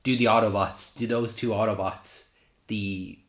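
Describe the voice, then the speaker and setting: A man co-hosting a casual film podcast, thinking things through in a measured, agreeable way. His voice is fairly low. The recording carries a roomy echo. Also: fairly even intonation, fairly bright tone. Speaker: podcast co-host. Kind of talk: casual film review chat.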